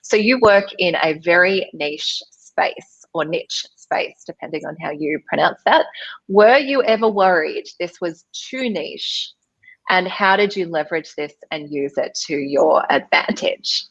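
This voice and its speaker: A woman's voice: lowish voice, normal speed, gravelly, a bit bright, no echo. Effusive woman host, dull dry audio. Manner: effusive and affirming. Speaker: panel host. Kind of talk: hosted panel discussion.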